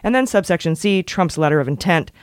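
A woman's voice: fairly low pitch, lively intonation, brisk, no room sound, studio quality. A woman co-hosting a podcast in casual chat, wry and jokey, breaking into goofy voices and bits of song. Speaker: podcast co-host.

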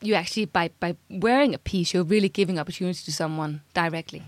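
A woman's voice: lowish voice, fast talker, no echo. A woman being interviewed as a jewelry designer, talking casually with frequent restarts. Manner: chatty, many restarts and repeated words.

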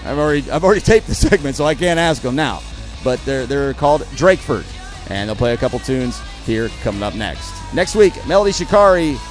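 A man's voice: medium pitch, lively intonation, brisk, faint music behind. A man hosting a podcast, ranting bluntly and with exasperation about politics, recorded at an outdoor market. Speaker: podcast host. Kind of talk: opinionated political rant.

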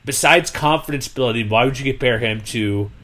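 Animated young-sounding man ranting about football. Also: medium pitch, moderate pace. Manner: animated, exasperated, rambling with fillers. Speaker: sports podcast host. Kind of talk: casual sports talk.

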